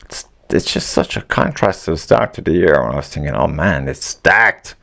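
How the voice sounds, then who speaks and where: A deep-voiced man hosts a solo podcast in a loose, rambling rant. He swears constantly, grumbles with open annoyance, and chuckles at his own jokes between thoughts. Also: lively intonation, normal speed, creaky, fairly bright tone. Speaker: podcast host.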